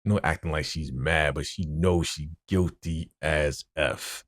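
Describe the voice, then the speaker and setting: A man giving a casual, animated recap of a TV episode, talking in slang and filling his speech with "you know.". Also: a bass voice, a little slow, dry recording, studio quality. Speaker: TV episode reaction host.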